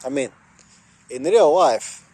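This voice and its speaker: Outdoors beside a car he's jump-starting, a male vlogger rambles casually, full of fillers, recorded on a phone. His voice sits on the high side with lively intonation, a slow pace and a slightly mellow quality.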